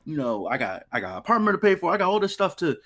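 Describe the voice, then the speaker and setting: A man's voice: fairly high pitch, sing-song, rapid-fire, fairly bright tone. A young man co-hosting a live sports talk stream, joking and ranting in casual banter. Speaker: co-host.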